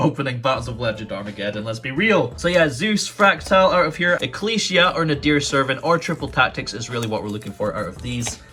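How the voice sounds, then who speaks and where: A man hosting a casual card-opening video, excitable, swinging from low grumbling to loud outbursts and swearing. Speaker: YouTube card-opening host. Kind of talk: casual pack-opening commentary.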